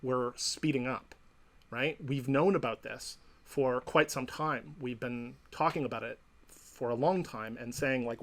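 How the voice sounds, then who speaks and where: A man's voice: mid-range voice, a little slow. A man giving a long reflective interview answer as a professor and psychotherapist, thoughtful and explanatory, often checking in with "right?" and "you know". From Canada.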